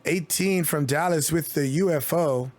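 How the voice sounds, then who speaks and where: A man calls a basketball game live for his stream, in a casual, talkative play-by-play. His voice sits a little high for a man. He drifts into jokey asides between the plays. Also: unhurried, a little mellow. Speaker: streamer giving play-by-play commentary.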